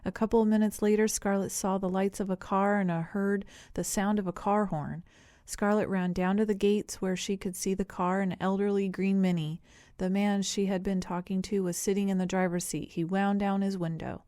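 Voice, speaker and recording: A woman with a mid-range voice narrates an audiobook from a script, keeping her storytelling measured and even. The recording is dry, with clean studio sound.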